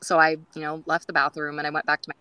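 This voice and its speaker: A woman's voice: deep voice, monotone, rapid-fire, pushed and bright, no echo, low-quality recording. A woman guest on a groomers' podcast, telling stories in a chatty way with many fillers and acting out quoted dialogue. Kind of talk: casual storytelling interview.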